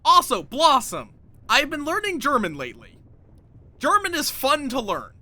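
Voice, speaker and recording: This man's voice is very high-pitched and swings hugely in pitch at a normal speed, bright and forceful with no room sound. He's a streamer rambling through casual game chat, addressing himself and his chat by turns.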